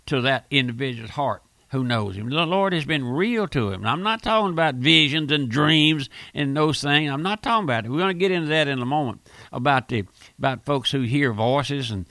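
Gravelly preacher man. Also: mid-range voice, sharp tone, dry recording. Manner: fervent, repeats phrases, stumbling restarts. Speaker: radio preacher. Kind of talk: radio sermon.

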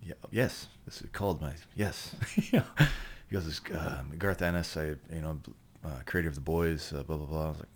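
Low-pitched man, podcast guest, loose and profane, keeps restarting his sentences. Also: steady tone, brisk. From Canada. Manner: profane, rambling, with many restarts. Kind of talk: casual storytelling chat.

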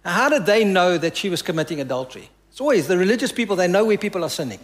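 A male pastor preaching a sermon, telling a story and dropping his voice low and soft for quoted lines. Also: big pitch swings, very fast.

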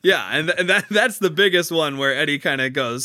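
Bright, smooth-voiced man musing on a play. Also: on the high side, fairly even intonation, no room sound, studio quality. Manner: halting, many fillers and restarts, laughs easily. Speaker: co-host discussing a play. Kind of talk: casual analytical discussion.

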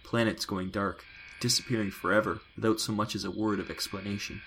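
A man reading a science fiction audiobook in a measured, descriptive way. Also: fairly low pitch, steady tone, fairly bright tone, slight background noise, rough recording. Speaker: narrator. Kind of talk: scripted sci-fi audiobook narration. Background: music.

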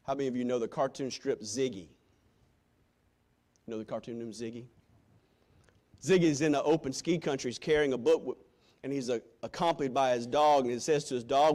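A male preacher giving a sermon, quoting scripture in old-fashioned wording and swinging from shouted appeals to hushed, quiet lines. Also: medium pitch, steady tone, a little fast, long pauses. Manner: impassioned, swinging from loud shouting to hushed tones.

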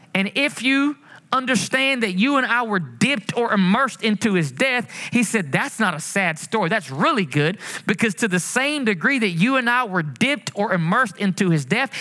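Bright, high-voiced preaching man. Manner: preaching with animated swings, rising passionately and drawing out quotes. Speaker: pastor. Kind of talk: sermon.

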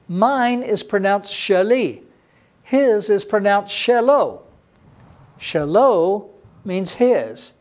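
Pastor, male, higher-pitched voice, emphatic sermon delivery with slow stressed repetitions. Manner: emphatic, slows to stress key words; repeats phrases for emphasis.

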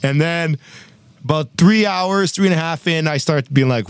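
A young man telling a story in casual chat, animated and acting out quotes, with frequent laughs. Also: on the high side, moderate pace, smooth, dry recording. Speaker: podcast co-host telling a story.

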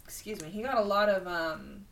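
A woman co-hosting a podcast, chatting casually about an animated film, self-mocking and laughing often. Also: medium pitch, fairly quick, vocal fry, far from the mic, rough recording. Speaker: podcast co-host.

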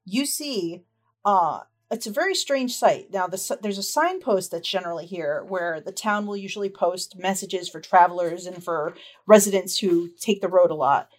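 A woman's voice: on the low side, normal speed. Woman narrating as game master. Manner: relaxed, chatty, with fillers.

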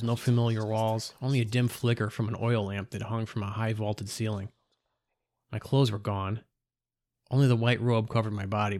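A man reading a first-person gothic horror story in a measured storytelling voice. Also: medium pitch, no room sound. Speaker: narrator.

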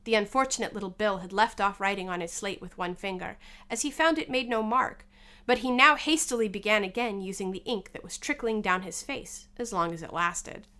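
A woman reading a storybook aloud in an expressive way. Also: mid-range voice, a little fast.

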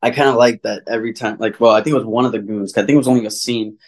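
A man's voice: fairly low pitch, steady tone, rapid-fire. Wry podcast co-host man. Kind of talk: casual movie recap chat.

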